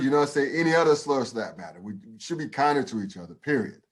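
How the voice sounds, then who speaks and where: Talking fast with few pauses, this medium-pitched American man co-hosts a casual opinion podcast. He's blunt and emphatic, swears freely, and keeps restarting what he's saying.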